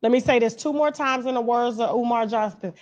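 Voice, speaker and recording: High-voiced woman doing loud, mocking commentary. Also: a little fast, highs cut off. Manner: loud, animated and mocking, with laughs and emphatic repeats. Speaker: commentary host. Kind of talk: casual reaction commentary.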